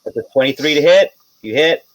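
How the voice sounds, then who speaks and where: A man's voice: on the high side, lively intonation, fairly quick, no echo, poor audio. A man narrating as game master of a tabletop game, casual and loose, swearing and laughing now and then.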